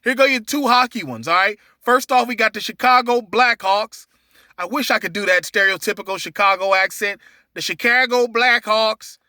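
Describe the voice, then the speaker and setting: A man's voice: sits high, fairly quick, sharp tone, dry recording, studio quality. A man hosting a sports betting podcast, talking through his picks in a loose, rambling way with lots of fillers and restarts. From Cincinnati area. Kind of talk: casual betting picks monologue.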